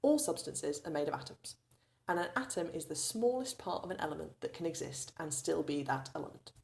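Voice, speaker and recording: A woman with a low, somewhat gravelly voice walks students through chemistry revision. She explains patiently, one step at a time, in the tone of a recorded teaching video. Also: lively intonation, a little fast, darkish tone.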